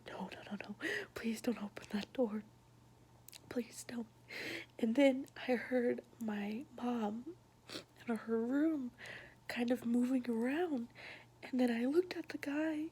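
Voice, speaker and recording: A young woman whispering a personal story in a soft, halting, intimate hush. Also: fairly high pitch, slightly rough. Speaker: vlogger sharing her past.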